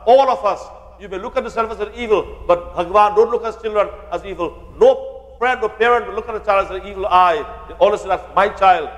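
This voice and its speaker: A male pandit delivers a sermon on the Ramayan, addressing his listeners as devotees and quoting scripture. His voice sits high and moves at a quick pace, in a rough recording with a long reverb tail.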